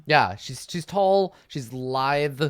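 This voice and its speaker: A man's voice: medium pitch, expressive, slow, clear, resonant tone, no echo, studio quality. A man narrating a tabletop game as game master, hesitant and full of fillers.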